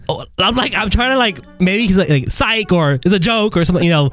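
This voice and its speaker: Man from Texas, podcast co-host, casual storytelling, acts out quotes, laughs a lot, slightly high voice. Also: a little fast, soft background music. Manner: animated, acts out quoted dialogue, laughs often.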